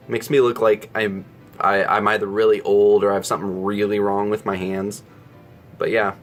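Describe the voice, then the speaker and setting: A man's voice: lowish voice, a bit bright. A young man hosting a casual Q&A vlog, rambling and self-deprecating, chuckling often. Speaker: YouTube channel host.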